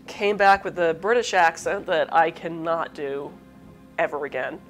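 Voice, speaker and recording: A lower-voiced woman talks her way through a home cooking demo, chatty and prone to rambling asides as she works. Her accent is a light Southern lilt blended with Midwestern vowels. Faint music plays behind her. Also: a little slow. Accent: light Southern mixed with Midwestern. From southern United States. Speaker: cooking show host. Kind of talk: casual cooking demo chat.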